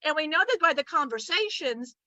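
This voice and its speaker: A woman giving a channeled spiritual teaching, animated and blunt, with casual profanity and acted-out voices of others. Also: high-pitched, a little fast, no echo, poor audio.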